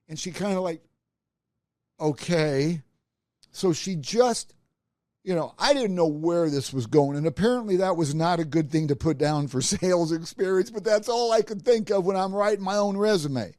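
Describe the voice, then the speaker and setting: Speaking at a moderate pace in a voice on the high side, this middle-aged Nebraskan podcast host shares a story from his career. He's animated and performs the quoted voices of the people involved. It's a clean studio recording with no room sound.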